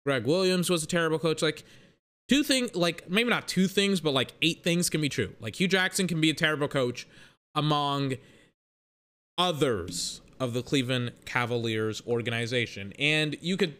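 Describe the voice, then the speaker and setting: A man's voice: on the high side, animated, normal speed, a bit bright. A young man in a casual, rambling sports rant that is profane and full of self-corrections.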